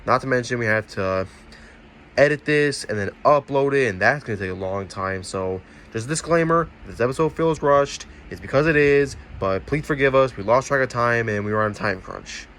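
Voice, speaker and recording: A young man hosting a homemade challenge show, explaining things in a rushed, chatty way. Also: medium pitch, fairly bright tone, a little hiss or hum. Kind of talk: casual comic hosting.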